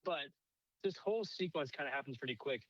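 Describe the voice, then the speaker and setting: Higher-voiced man, blunt and teasing. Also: lively intonation, brisk, fairly bright tone, highs cut off. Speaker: podcast co-host. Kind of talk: casual movie recap chat.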